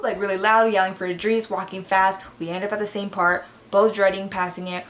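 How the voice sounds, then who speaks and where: A woman's voice: medium pitch, level tone, normal speed, hardly any pauses, a bit bright. A young woman vlogging a storytime, telling it animatedly, full of "like" fillers and acted-out quotes. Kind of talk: storytime vlog.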